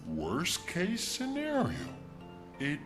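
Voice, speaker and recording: A woman's voice: lowish voice, wildly swooping pitch, slow, over music, exaggerated voice. A woman voicing a playful, upbeat young companion in a video game, cheerful and teasing.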